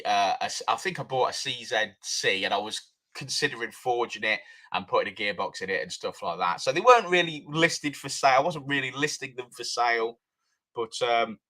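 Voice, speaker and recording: Lively man telling a story. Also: mid-range voice. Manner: animated, acts out both sides of conversations. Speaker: tuning shop owner. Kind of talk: casual storytelling.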